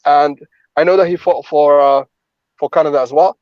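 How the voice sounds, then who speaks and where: A man, a guest on a boxing talk show, speaking casually and haltingly with lots of fillers. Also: on the high side, fairly even intonation, no room sound. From Britain. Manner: halting, heavy on fillers like "you know". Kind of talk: casual chat. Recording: dull dry lo-fi audio.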